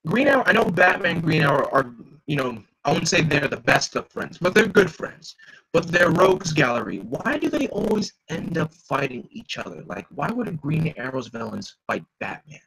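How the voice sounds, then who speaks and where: Gravelly man chatting through a comic read. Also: on the high side, sing-song, moderate pace, fairly bright tone, poor audio. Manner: chatty, stops to comment and joke. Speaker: reader. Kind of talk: casual live comic reading with commentary.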